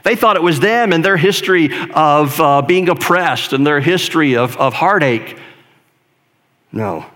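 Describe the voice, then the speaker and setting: A man preaching a sermon in a conversational, emphatic way, dropping to a hush and then building to loud stress. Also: a little high, expressive, measured pace. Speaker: pastor.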